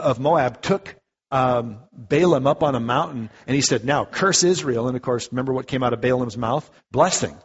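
A man preaching a sermon in a conversational, animated way, often restarting his words. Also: medium pitch, slightly rough. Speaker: pastor. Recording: muffled echoey hall.

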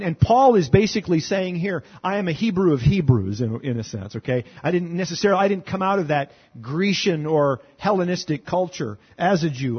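A male pastor preaching in a relaxed, conversational way, throwing in rhetorical questions and dry sarcasm. His voice sits a little high and sounds husky. The recording is dull and lo-fi, as from a church sound system. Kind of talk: expository sermon.

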